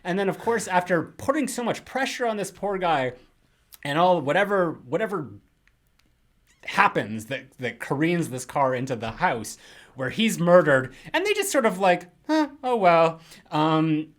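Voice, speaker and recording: A young man co-hosting a casual film podcast, rambling and animated, mocking characters in quick put-on quotes. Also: a little high. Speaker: podcast co-host.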